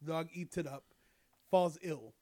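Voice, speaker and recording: Young guy, slightly higher voice, casual profane storyteller. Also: a little slow, darkish tone. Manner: rambling, profane, lots of fillers. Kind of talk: casual chat.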